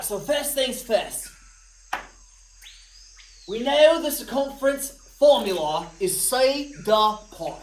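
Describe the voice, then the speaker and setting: A woman teaching a recorded math review lesson, walking through problems step by step with playful, jokey asides to students. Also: mid-range voice. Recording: roomy, from a distance of the mic.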